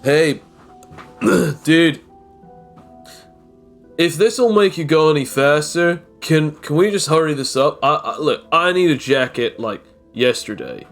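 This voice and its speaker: Brief: man playing a loud, impatient young shopper, casual slang. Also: a little high, lively intonation, a little slow, faint music behind, pitched above the performer's own voice. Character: impatient brash young male customer.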